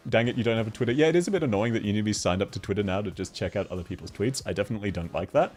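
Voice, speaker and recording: A man's voice: mid-range voice, darkish tone. A man from Australia with an Australian accent, chatting casually on a live stream, laughing often as he answers chat.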